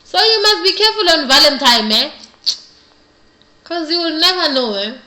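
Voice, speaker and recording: Bright, high-voiced woman in an echoey room. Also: expressive, moderate pace. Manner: playful mock-serious, keeps asking "you understand?". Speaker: beauty vlogger. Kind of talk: comedic tutorial.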